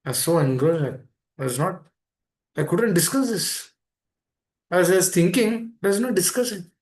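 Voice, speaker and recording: A man giving a devotional talk to devotees, earnest and pleading, repeating phrases as his voice swings between soft and emphatic. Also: high-pitched, lively intonation, moderate pace. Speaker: speaker at a temple meeting. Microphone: online meeting room.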